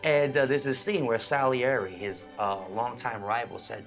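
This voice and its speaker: A man hosting a music reaction, talking in an excited, emotional way. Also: normal speed, few pauses. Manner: animated, emotional, jumps in pitch.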